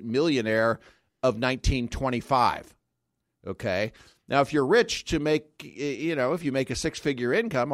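A man's voice: medium pitch, no room sound, studio quality. A man explaining personal finance on a morning radio show, plainspoken and joking. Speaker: financial planner guest. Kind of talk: radio money segment and banter. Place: radio studio. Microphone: studio mic.

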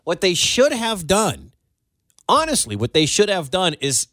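A man's voice: high-pitched, sing-song, measured pace, bright, forceful tone, no echo. A man hosting a talk radio show, chatting with a co-host and taking callers in a studio. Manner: conversational, takes callers, repeats the phone number. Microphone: studio microphone.

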